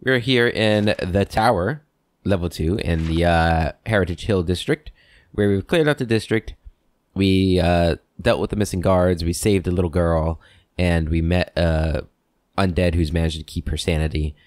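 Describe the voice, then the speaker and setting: A deep-voiced man hosting a gameplay video, talking casually and thinking aloud as he goes. He drifts between his own chatter and reading the game's text aloud, easygoing and unhurried. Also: dry recording, studio quality. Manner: relaxed, meandering, thinks aloud. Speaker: let's play host.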